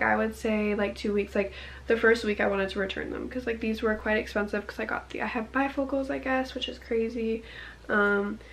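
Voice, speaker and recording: A woman's voice: fairly high pitch, creaky. A young woman in her twenties chatting casually to camera as a vlogger, full of "like" and "um" fillers. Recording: faint background noise.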